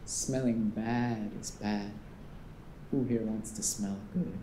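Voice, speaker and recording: A man voicing a soothing older male perfume seller on the metro, with a Caribbean accent and a slow, hypnotic sales chant. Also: on the low side, steady tone, background noise, voice pushed down. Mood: hypnotic pitch. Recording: roomy echo.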